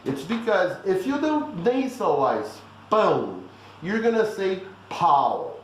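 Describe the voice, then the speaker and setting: Animated, echoey man teaching pronunciation. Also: sits high, a little slow. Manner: blunt, teasing, checks in with listeners often. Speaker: language teacher. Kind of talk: informal pronunciation lesson.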